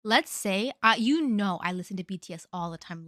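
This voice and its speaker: Quick sassy woman doing a storytime and weighing in, dry close sound, talks fast. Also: medium pitch, animated, bright, forceful tone, dry recording. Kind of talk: storytime narration with commentary.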